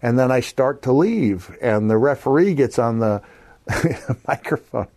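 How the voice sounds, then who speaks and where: A middle-aged man as a podcast guest, telling lively anecdotes and calling the host brother. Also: medium pitch, unhurried. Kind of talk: animated storytelling.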